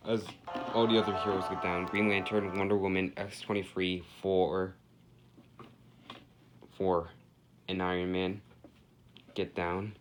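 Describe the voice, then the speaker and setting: A man casually narrating a fan-made story in an excitable, rambling way that often restarts. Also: sits low, unhurried, pauses often. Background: background music.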